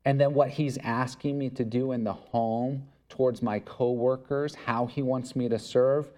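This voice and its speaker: This is a man preaching a sermon with a warm, mellow voice at an average pitch. He talks to his congregation in an earnest, conversational way. He slips into quoted back-and-forth dialogue. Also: steady tone, unhurried. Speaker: pastor.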